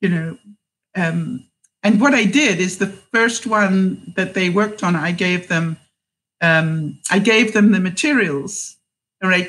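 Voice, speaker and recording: A woman's voice: on the low side, a bit bright, rough recording. Woman vlogger, casual livestream chat, rambling, frequent laughs, reads viewer comments. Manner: chatty and rambling, laughs often.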